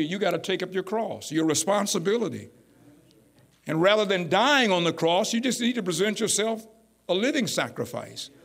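A middle-aged man preaching a folksy, animated sermon as pastor. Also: fairly high pitch, vocal fry. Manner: folksy, animated, rising to near-shouts.

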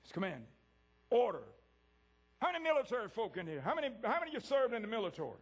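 Animated preacher with a husky voice. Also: male voice, racing. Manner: animated, swings from loud highs to hushed lows; talks directly to the congregation. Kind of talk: sermon. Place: church before a congregation.

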